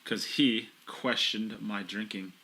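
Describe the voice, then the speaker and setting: A man's voice: lowish voice, fairly even intonation, slow pace, background noise. A man co-commentating on a pool match, playful and full of banter. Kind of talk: live sports commentary.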